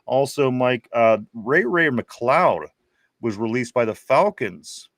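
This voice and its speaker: A man's voice: medium pitch, expressive, slow pace, a bit bright, no room sound, studio quality. Chatty man reading comments. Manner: chatty, stumbling restarts. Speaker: podcast host. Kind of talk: casual sports talk, reading viewer comments.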